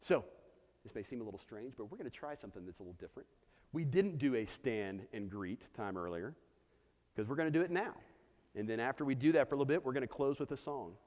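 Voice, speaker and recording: A man preaching a sermon to his church, telling a personal story and challenging the room. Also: fast talker. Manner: personal storytelling, animated pitch. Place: church hall. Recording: long hall reverb.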